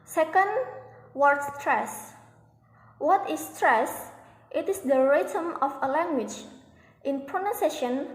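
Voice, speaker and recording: A young woman student reading a class presentation slowly and carefully, with a few restarts. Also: high-pitched. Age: young adult. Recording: echoey room with long reverb.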